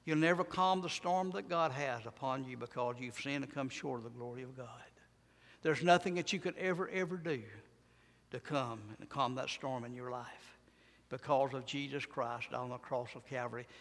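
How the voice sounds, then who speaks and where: A man's voice: mid-range voice, moderate pace, gravelly, a bit bright, big-room sound. A man preaching a sermon in a church, emphatic and repetitive, with rising and falling intensity.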